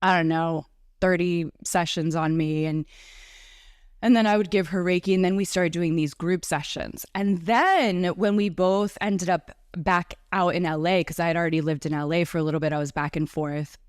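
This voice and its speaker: A woman's voice: fairly low pitch, normal speed, clean tone, no room sound, studio quality. A woman from the New York area, a breathwork and Reiki facilitator, chatting enthusiastically as a guest in a casual interview.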